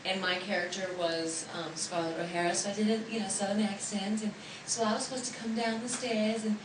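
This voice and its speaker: A woman in a panel talk, telling lively stories with many restarts, recorded from far off in an echoey convention hall. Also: medium pitch, a little fast, background noise. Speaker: actress on a panel. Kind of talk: panel anecdotes.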